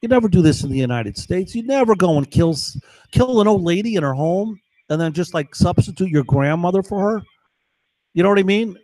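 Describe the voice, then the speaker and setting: Brief: a man ranting to camera, profane and repetitive, slightly high voice, dead-dry sound. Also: lively intonation, a little fast, dark tone, no echo, rough recording. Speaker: vlogger. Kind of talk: rambling monologue to camera.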